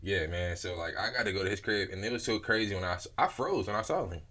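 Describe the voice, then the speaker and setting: A young man from Philadelphia, a business owner, telling stories as an interview guest in a loose, animated way, acting out quotes and swearing freely. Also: lowish voice, fast talker, a little hiss or hum. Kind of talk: casual storytelling interview.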